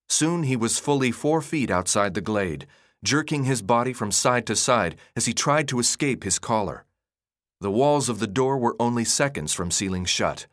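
A man narrates a novel in an expressive, dramatic way, his pitch rising and falling freely. The voice sits at a middle height. It is recorded close and dry, with no room sound. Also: dry recording. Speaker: audiobook narrator. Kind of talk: scripted narration.

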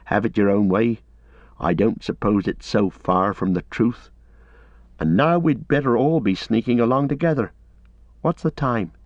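A man's voice: lowish voice, unhurried, dry recording, close to an everyday voice. A man doing a loyal, homely servant hobbit. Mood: earnest. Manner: homely, earnest, a bit gruff. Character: loyal, plain-spoken young male servant hobbit. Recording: dull lo-fi recording.

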